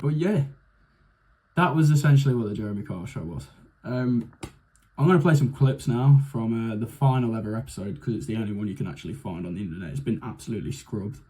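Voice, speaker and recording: A man's voice: on the low side, quick pace. A young man telling a story in a chatty, comedic way as a video host. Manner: chatty, animated storytelling with restarts. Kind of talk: casual comedic commentary.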